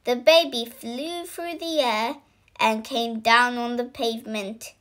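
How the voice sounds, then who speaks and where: A woman reading a children's picture book aloud, slow and expressive, lifting into little voices for the characters. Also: a little high. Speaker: storybook reader.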